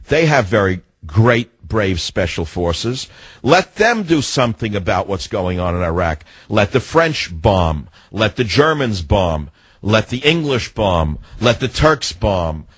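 A man's voice: lowish voice, slightly rough, no room sound, rough recording. An older man hosting a political talk radio show, delivering an emphatic, combative monologue with lots of repetition.

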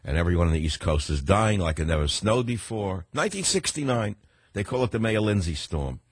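Older male talk radio host, thick New York accent, very low husky voice, opinionated and digressive, dry studio sound. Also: big pitch swings, brisk, no echo. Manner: rambling, combative, digressive.

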